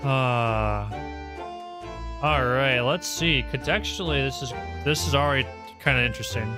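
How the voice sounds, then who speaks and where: A man's voice: medium pitch, unhurried, music in the background. A man streaming a game, chatting animatedly with viewers in casual commentary. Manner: chatty, animated, talks to chat.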